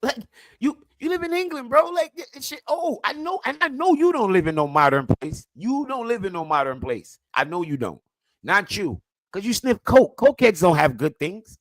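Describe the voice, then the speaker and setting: A man arguing loudly and taunting on an online panel. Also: high voice, big pitch swings, moderate pace, no room sound. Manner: loud, taunting, repeats himself. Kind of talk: heated argument on a stream panel.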